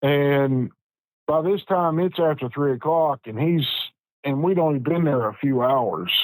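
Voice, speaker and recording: A man, telling a personal story as a podcast guest in an unhurried, plain-spoken way with frequent restarts. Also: a little high, darkish tone, dry recording, rough recording. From West Virginia. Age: 50s.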